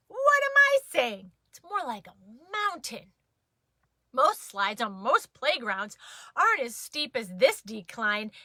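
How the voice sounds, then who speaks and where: A woman reading a children's story aloud, playful and expressive. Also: on the high side, no echo.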